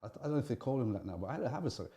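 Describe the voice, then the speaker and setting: Talking very fast, this middle-aged interviewee shares candid tales of his younger days. His voice swings lively in pitch, and he keeps restarting his sentences.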